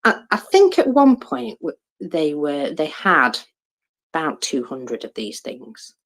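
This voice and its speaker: A woman co-hosting an online audio chat about war news, halting with fillers and restarts, with dry sarcasm. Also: sits low, sing-song. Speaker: co-host commenting on war news. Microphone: Twitter Space audio.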